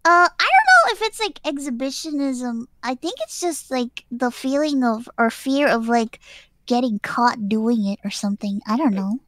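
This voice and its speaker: Casting: high, bright woman, wry casual chatter, dry sound. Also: very animated, moderate pace, no echo. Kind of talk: casual chat.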